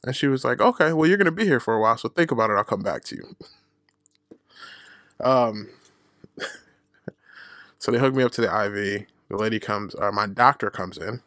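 With lively intonation and frequent pauses, a man recounts a personal story on his own podcast, candid and profane, laughing at himself and acting out those he quotes. His lowish voice has a fairly bright tone at normal speed, captured dry in a clean studio.

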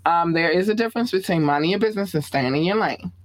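A woman podcast host with a Baltimore accent, chatting casually and bluntly in a small home studio, her voice swooping up high when excited. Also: quick pace. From Baltimore, USA. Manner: laid-back, blunt, frequent "um" and laughter. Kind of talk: casual podcast sign-off chat.

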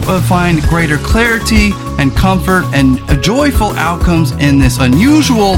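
A man hosting a casual podcast from a small rural trailer, talking in an enthusiastic, rambling way. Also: high-pitched. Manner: enthusiastic, rambling, emphatic announcer-like intro. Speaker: podcast host.

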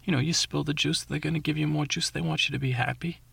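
Gravelly guy rambling a folksy funny story, lots of uhs and restarts, dry close sound. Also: on the high side, fairly even intonation, quick pace, fairly bright tone, no echo. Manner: meandering, folksy, full of fillers and self-corrections. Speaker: comic storyteller. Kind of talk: rambling comic monologue.

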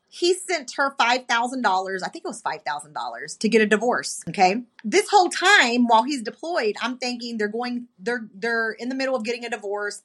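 A woman co-hosting a podcast, telling a personal story in casual chat and acting out quoted dialogue. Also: fairly high pitch. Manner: animated storyteller, acts out quoted dialogue, laughs often. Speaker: podcast co-host.

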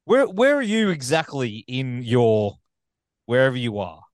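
Joking podcast host, dry sound. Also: male voice, medium pitch, wildly swooping pitch, measured pace, no echo. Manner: joking, loose, swearing. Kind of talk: casual interview.

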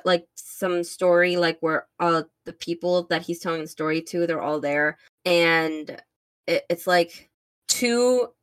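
A woman's voice: lowish voice, fairly bright tone, clear, resonant tone. A young woman co-hosting a fan podcast, chatting casually and rambling with many fillers as she searches for words. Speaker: podcast co-host.

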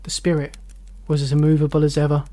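A narrator reading a classic novel aloud with measured, expressive delivery and dramatic pauses. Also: mid-range voice.

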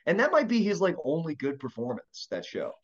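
A man's voice: wildly swooping pitch, brisk. Rambling comedian man, dull lo-fi audio. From Maryland, US. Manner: rambling, self-interrupting, drops pitch when telling stories. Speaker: podcast co-host, comedian. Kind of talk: casual chat.

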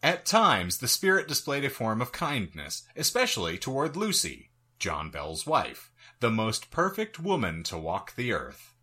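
A man hosting a comedy podcast who reads out a strange history with crude jokes along the way. His voice is bright and forward, and his pitch swings widely as he talks. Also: wildly swooping pitch, unhurried, husky. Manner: reads history aloud with crude joking asides. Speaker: podcast co-host.

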